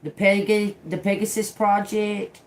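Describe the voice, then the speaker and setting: A woman's voice: mid-range voice, level tone, slow. A middle-aged woman giving a casual, profane live tarot reading, muttering single words as they come to her and giggling often. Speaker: tarot reader on a livestream.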